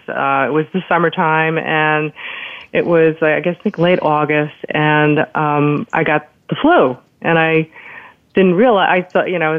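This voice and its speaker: A woman telling a personal story in a casual, lively way, acting out the people she quotes. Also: low-pitched, no room sound. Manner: lively retelling, acts out quoted doctors. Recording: tinny phone-line sound.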